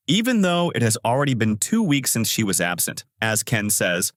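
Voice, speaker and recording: A man narrating a manga story recap in a plain, even storytelling manner. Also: lowish voice, brisk, hardly any pauses, no room sound, clean studio sound.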